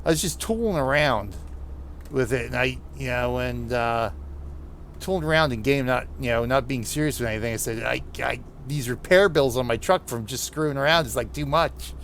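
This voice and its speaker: A man's voice: mid-range voice, a bit bright, a little hiss or hum. Chatty man with a Jersey accent. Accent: New Jersey. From New Jersey, USA. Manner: rambling, halting restarts, chuckles often. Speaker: streamer playing a truck game. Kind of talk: casual chat while gaming.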